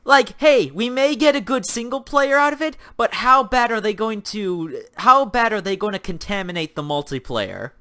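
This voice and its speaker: Young adult, livestream host, sarcastic, ranting, reading chat, bright tone, very animated pitch. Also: normal speed, few pauses. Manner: sarcastic, ranting about games, reads chat aloud. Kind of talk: casual gaming livestream chat.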